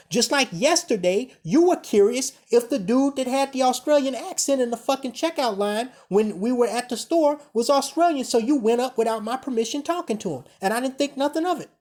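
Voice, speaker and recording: A man telling a story in a blunt, profane vlog rant, animated and conversational. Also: extremely high pitch, a little fast, few pauses. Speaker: vlogger. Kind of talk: casual storytelling rant to camera.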